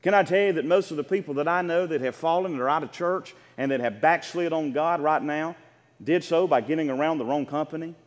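A man's voice: fairly high pitch, brisk, big-room sound. A man preaching a sermon with impassioned, rhythmic delivery, reading scripture and addressing the congregation.

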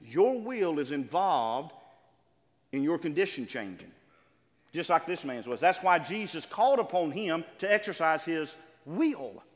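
A man's voice: on the high side, measured pace. A man preaching a sermon in a church, acting out voices as he goes. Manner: animated preaching, acts out voices. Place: church sanctuary. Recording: long reverb of a large hall.

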